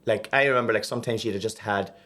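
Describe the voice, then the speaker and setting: A man's voice: fairly low pitch, fairly even intonation, rapid-fire, bright, forceful tone. A man, a podcast guest joking wryly and swearing in casual chat.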